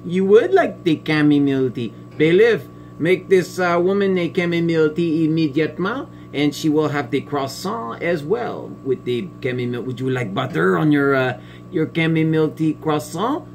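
A man playing a smug, biased female family court judge in a satirical sketch, talking in a pompous, condescending way with drawn-out sneering pauses. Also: a little high, lively intonation, gravelly, a little hiss or hum. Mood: fawning smug. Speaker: comedic sketch performer.

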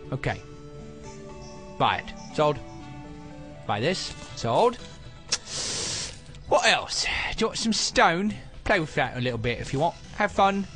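A man hosting a let's play, giving goofy, excitable, self-mocking gameplay commentary. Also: medium pitch.

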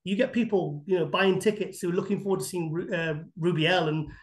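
A man, a guest on a podcast interview, telling rambling, animated anecdotes full of fillers and restarts. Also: high-pitched, a little fast. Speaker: bodybuilding guest expert.

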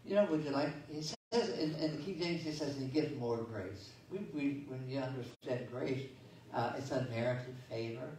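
A man's voice: medium pitch, moderate pace, hardly any pauses, a little mellow, a little hiss or hum. A man preaching a sermon as pastor, folksy and conversational, telling stories and reading scripture with many restarts and asides. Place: church sanctuary. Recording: echoey church sanctuary from far off.

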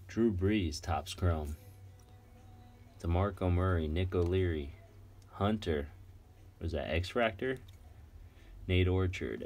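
A man casually chatting while going through a box of trading cards, excitedly rattling off names. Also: sits low. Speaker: card collector vlogger. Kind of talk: casual unboxing chat.

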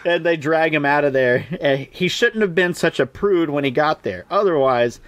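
A man co-hosting a podcast, chatting casually about a movie in a rambling way, jumping into higher voices to act out quotes. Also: lively intonation, normal speed, a bit bright, no echo. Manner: rambling, acts out quoted lines in a raised voice. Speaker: podcast co-host. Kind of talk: casual movie review chat.

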